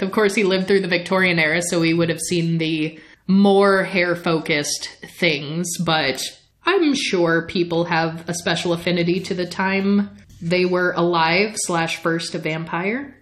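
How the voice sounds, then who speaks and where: A woman's voice: lowish voice, unhurried. A woman hosting a podcast, telling a story in casual, chatty chat and often laughing. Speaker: podcast host.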